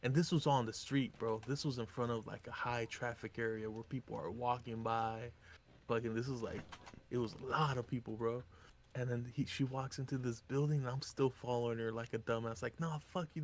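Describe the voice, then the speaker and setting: A man's voice: medium pitch, a little fast, a little hiss or hum. A young man and regular streamer casually telling a story, cursing and acting out the people in it. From Mexican heritage. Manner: animated, acts out voices in anecdotes, profane.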